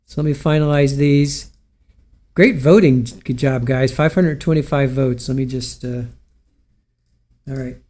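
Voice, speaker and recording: A man's voice: medium pitch, fairly even intonation, measured pace, long pauses, mellow. A man hosting a livestream, wrapping up in a casual, rambling way and correcting himself often. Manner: rambling, self-correcting, friendly. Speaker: livestream host. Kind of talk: casual livestream sign-off chat.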